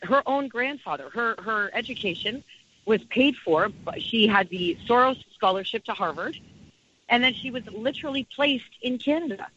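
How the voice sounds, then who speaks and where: A woman's voice: a little high, lively intonation, moderate pace, fairly bright tone, husky, highs cut off. A woman speaking as a campaign organizer, talking with passion and emphasis and repeating her key phrases. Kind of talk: impassioned interview talk.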